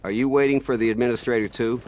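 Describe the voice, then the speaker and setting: A man's voice: medium pitch, fairly even intonation, quick pace, darkish tone, soft background music, lightly acted. An actor voicing a frustrated, resolute male war veteran settler in a video game. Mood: grim.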